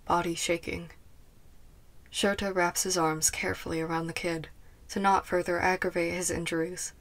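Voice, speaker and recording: Soft-spoken woman narrating fan fiction. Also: on the low side. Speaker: podfic reader. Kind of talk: scripted narration.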